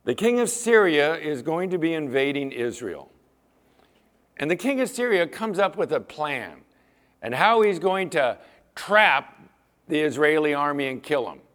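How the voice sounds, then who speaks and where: A man's voice: a little high, sing-song, measured pace, fairly bright tone. A man preaching a sermon as pastor, acting out Bible scenes in different voices.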